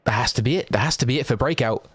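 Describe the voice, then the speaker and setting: A man giving quick, excitable live play-by-play as a game shoutcaster, with casual asides to his viewers. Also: medium pitch, husky, dry recording, clean studio sound. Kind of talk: live esports commentary.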